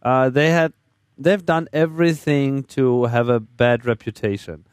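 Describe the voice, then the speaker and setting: A man with a German accent, a native German speaker, co-hosting a podcast in a wry, tired, measured way. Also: mid-range voice, steady tone, smooth, no room sound, studio quality. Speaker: podcast co-host. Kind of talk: casual podcast chat.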